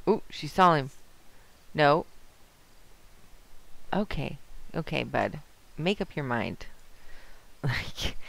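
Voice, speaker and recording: A young woman hosting a let's play, chatting casually and excitedly, talking back to the characters on screen. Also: low voice, gravelly. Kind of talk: casual gameplay commentary.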